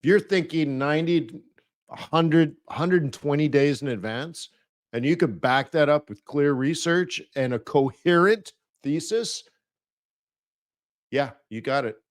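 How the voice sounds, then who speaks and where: A man's voice: a little high, a little slow. A man hosting a live trading webinar, chatty and playful, laughing at his own jokes and mimicking people in mock voices.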